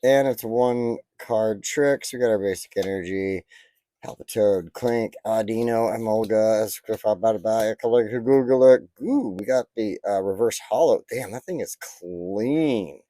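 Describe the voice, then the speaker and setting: Casual male unboxer, mellow low voice, excitable and rambling, dry close recording. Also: measured pace, no room sound. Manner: chatty, easily excited, rambling asides. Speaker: card-opening vlogger.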